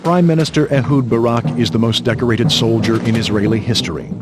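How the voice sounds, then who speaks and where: A man reading scripted documentary narration in a grave, measured way. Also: mid-range voice, over music.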